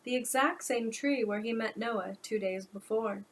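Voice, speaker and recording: A woman's voice: on the high side, measured pace, slight background noise, rough recording. A woman author narrating her own audiobook in an informal storytelling manner.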